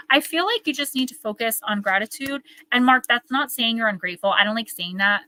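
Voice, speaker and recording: Bright-voiced woman giving an oracle reading. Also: fairly high pitch, a little fast, few pauses, low-quality recording. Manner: rambling, emotional, earnest. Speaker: oracle card reader. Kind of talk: live-stream card reading, casual chat. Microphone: live-stream microphone.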